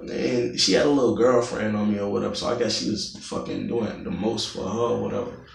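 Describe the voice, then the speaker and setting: A young man vlogging, telling a long, profane story in an animated, casual way. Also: fairly low pitch, brisk, creaky, slight background noise. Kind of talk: storytime vlog. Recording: roomy, distant mic.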